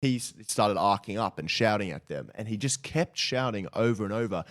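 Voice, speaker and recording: A man's voice: lowish voice, expressive, fairly quick, fairly bright tone. A young man co-hosting a livestream, joking and teasing in casual banter. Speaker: streamer, co-host.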